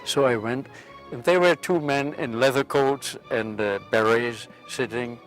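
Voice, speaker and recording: Czech guy in his 70s, english w/ accent, earnest testimony, middling pitch. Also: measured pace, soft background music. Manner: earnest, retells with quoted dialogue. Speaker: interviewee. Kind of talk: personal testimony.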